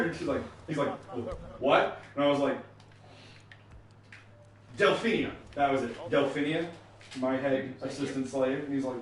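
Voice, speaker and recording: A man's voice: mid-range voice, normal speed, recorded from a distance, slight background noise. A man casually telling a long tabletop game story while playing a video game, acting out the characters he quotes. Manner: animated, acts out quoted characters. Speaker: let's play co-host. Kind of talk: casual storytelling over gameplay. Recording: echoey room, off-mic.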